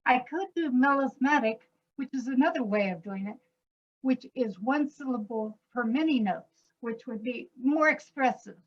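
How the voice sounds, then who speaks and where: Woman composer, explanatory talk, spells out example words slowly, muffled video call audio. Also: high-pitched, animated. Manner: illustrates points by speaking words slowly.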